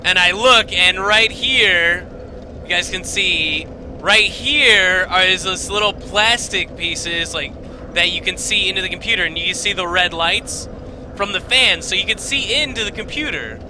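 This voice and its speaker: A man's voice: high-pitched, measured pace, noisy background. A young man streaming from his home basement, telling a story casually, rambling and swearing with lots of fillers and restarts.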